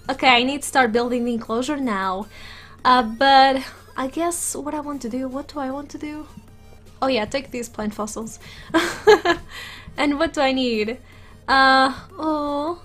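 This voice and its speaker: A high-pitched woman narrating her game in an unhurried, drawn-out way. She is giggly and excitable and coos at her virtual pets, and she sounds a little under the weather. Soft music plays faintly beneath her. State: a little sick. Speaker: let's play gamer. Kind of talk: casual game commentary.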